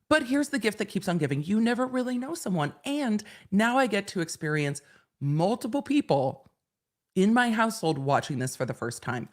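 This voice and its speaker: A woman's voice: medium pitch, big pitch swings, moderate pace. A woman in her forties hosting a casual livestream from home, chatting in a rambling way and laughing easily. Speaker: livestream host.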